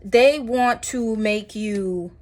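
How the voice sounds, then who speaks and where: A woman doing a casual tarot reading, talking in a chatty, rambling way with animated asides. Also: medium pitch, very slow. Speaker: tarot reader.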